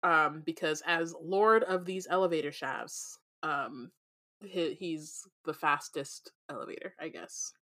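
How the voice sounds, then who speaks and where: A woman reads a storybook aloud on a casual podcast, filling the pauses with ums and laughing easily. Her voice is bright and forceful, with a somewhat low pitch. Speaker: podcast co-host reading a book aloud. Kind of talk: casual book chat with read-aloud.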